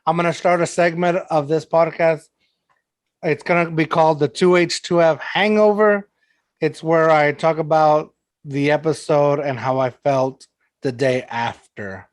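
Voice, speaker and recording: A man's voice: a little high, steady tone, measured pace. A man hosting a podcast, telling stories in casual chat with lots of fillers and laughter. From San Antonio, Texas. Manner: loose storytelling, heavy "like" fillers, laughs often. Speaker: podcast host.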